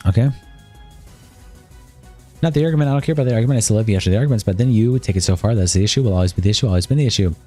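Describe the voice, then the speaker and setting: A man streaming live, reading out both sides of a long text-message argument in a flat reading voice. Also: fairly low pitch, racing, long pauses, soft background music.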